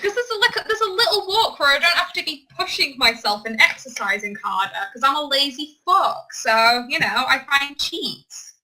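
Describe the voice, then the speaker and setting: A young woman co-hosting a casual chat podcast, giggling as she rambles through stories and swears freely. Her voice sits a little high with a bright, sharp edge. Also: lively intonation, moderate pace, hardly any pauses, rough recording. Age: young adult. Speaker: podcast co-host.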